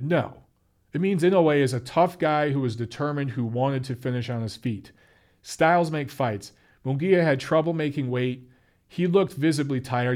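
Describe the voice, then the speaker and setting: A man talking straight to his audience in a blunt, emphatic way, with a voice sitting a little higher than most men's. He swears casually and circles back on his points, hammering them home in loose, unscripted commentary. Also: darkish tone. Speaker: boxing commentator. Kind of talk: casual opinionated commentary to camera.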